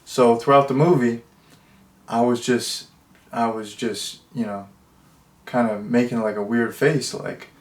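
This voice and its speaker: A man giving a casual, rambling movie review, full of fillers and jokey deadpan asides. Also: medium pitch, unhurried, long pauses, roomy sound.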